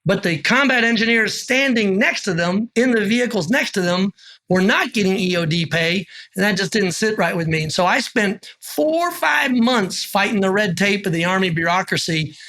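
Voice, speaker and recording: A man's voice: high-pitched, animated, normal speed, sharp tone. A middle-aged man, a retired army officer, recalling his service and acting out remembered dialogue as he tells stories. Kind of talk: oral history recollection.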